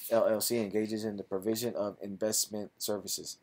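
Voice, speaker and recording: Low-voiced man talking through stocks. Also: fairly even intonation, moderate pace, hardly any pauses. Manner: reads figures aloud in clipped phrases, then chats loosely. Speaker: investing channel host. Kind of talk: casual stock-analysis commentary.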